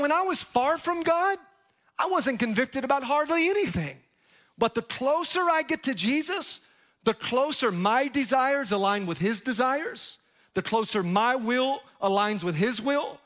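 A man preaching a sermon from the pulpit, his voice pitched high for a man. He drives his points home with sudden loud bursts and quiet drops, and tosses playful asides to the crowd. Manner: jokes with the crowd. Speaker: pastor.

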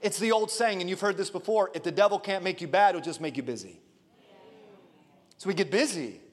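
A male pastor preaching a lively sermon, calling on the congregation for responses. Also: high voice, a little fast. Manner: animated preaching with call-and-response. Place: church sanctuary. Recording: long church hall reverb.

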